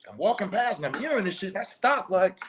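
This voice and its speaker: A fairly high-voiced middle-aged man hosting a casual talk show, holding forth bluntly with lots of swearing. He lectures like a preacher and drops into stories from his own household. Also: big pitch swings, fast, a little hiss or hum. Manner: blunt, profane, preachy, storytelling. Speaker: podcast host. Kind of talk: casual monologue, commentary.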